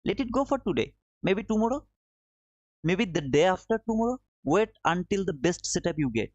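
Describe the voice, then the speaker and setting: A man's voice: high voice, sing-song, moderate pace, no echo. Repetitive man teaching on a dull stream. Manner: repetitive, coaxing, addresses viewers as brother. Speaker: trading livestream host. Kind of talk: live-stream trading lesson. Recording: dull dry lo-fi stream audio.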